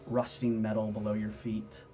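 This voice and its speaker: A man's voice: lowish voice, completely flat delivery, moderate pace, dark tone, a little hiss or hum. A man running a tabletop game as game master, narrating scenes and often laughing at the table. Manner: laughs often, apologetic asides.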